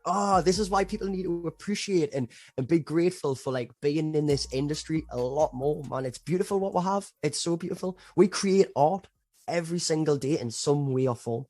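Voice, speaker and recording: A man's voice: fairly high pitch, fairly quick, a little mellow, dry recording, faint music behind. A young man with a Geordie accent, a guest musician in a casual podcast chat, mocking himself and laughing often.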